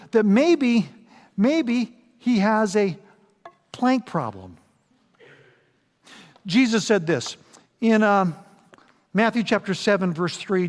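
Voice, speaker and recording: A man preaching a sermon as pastor, animated and acting out quoted voices. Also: high-pitched. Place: large church hall. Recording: long hall reverb.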